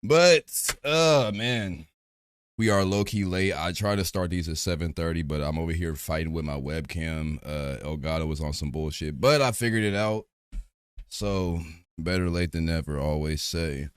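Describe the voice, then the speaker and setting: A man's voice: low voice, normal speed, clear, resonant tone, no room sound, studio quality. A man hosting a loose, rambling podcast, chatting casually and swearing freely. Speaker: podcast host. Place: home streaming setup.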